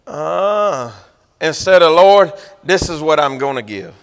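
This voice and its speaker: Pastor, man, drawl, high voice, preaches folksy and teasing, loud bursts then quiet asides; reverberant church hall. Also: animated, slow pace. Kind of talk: sermon.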